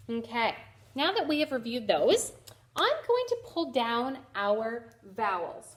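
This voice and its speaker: Female primary teacher, high and sing-song, slow and clear, encouraging young readers. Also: very animated. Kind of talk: first-grade reading lesson.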